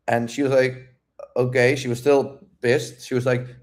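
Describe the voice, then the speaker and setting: A man in the middle of the usual pitch range, telling a story to his audience. He speaks bluntly and casually, swears freely and takes his time, with the relaxed tone of a dating coach. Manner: blunt, profane, unhurried.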